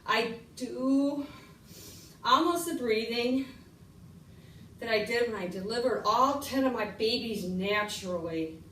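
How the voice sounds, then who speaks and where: A middle-aged woman demonstrating an exercise, talking slowly, slightly out of breath as she moves. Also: on the high side, a bit bright, recorded from a distance, a little hiss or hum. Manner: slow, instructive, counting out moves. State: getting winded. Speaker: fitness instructor. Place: room while exercising. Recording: echoey room, away from the mic.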